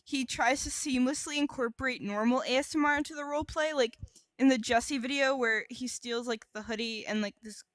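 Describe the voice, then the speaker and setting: A woman's voice: high voice, a little fast, a bit bright, no echo. A woman co-hosting a podcast in casual chat, talking loosely with lots of "like" fillers. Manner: chatty, frequent "like" fillers. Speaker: podcast co-host.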